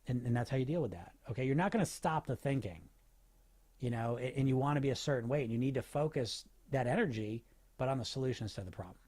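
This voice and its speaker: A man coaching on weight loss in a loose, motivational podcast talk, his voice at an ordinary middle pitch for a man. He keeps asking his listeners rhetorical questions and speeds up when he gets going. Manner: animated, asks rhetorical questions, fillers and restarts.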